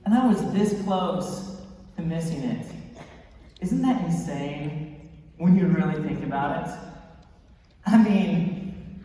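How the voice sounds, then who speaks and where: A young man delivers a motivational speech as a lively, playful story and laughs often. His voice sits a little high. He sounds distant, in a big hall with a long echo. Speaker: motivational speaker. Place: large convention hall. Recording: echoey hall from far off.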